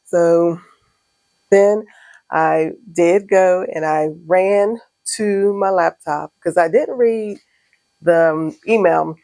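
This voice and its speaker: A middle-aged woman sits in her home studio vlogging about running her stationery business. Her voice sits low and sounds close and dry, with no room around it. She tells the story with animation, laughing often and acting out her own reactions. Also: slow pace, warm tone, no echo, low-quality recording. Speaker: small business owner vlogging. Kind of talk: casual vlog chat.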